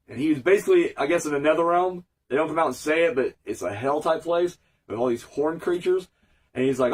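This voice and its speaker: Man, high voice, sweary casual reviewer, fighting a cold, mic set back. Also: brisk, recorded from a distance. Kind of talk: casual episode recap review.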